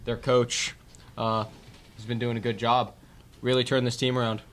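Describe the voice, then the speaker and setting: A man's voice: mid-range voice, little pitch movement, moderate pace, fairly bright tone. A young man co-hosting a casual football podcast, teasing with dry sarcasm. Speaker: podcast co-host. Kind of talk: casual sports podcast chat.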